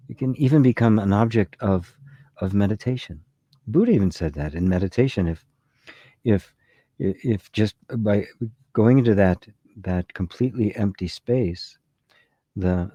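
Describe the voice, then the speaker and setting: A man giving a spiritual talk and answering a live chat in a soft-spoken, conversational way, often asking "right?". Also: medium pitch, dry recording, clean studio sound. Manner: conversational, repeats words, says "right?" often. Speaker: spiritual teacher.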